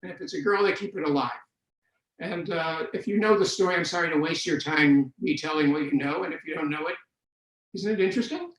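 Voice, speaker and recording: High-voiced older man lecturing wryly. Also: brisk, a bit bright. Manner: wry, explanatory, with dry jokes. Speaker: Bible scholar lecturer. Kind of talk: online lecture. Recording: roomy echo.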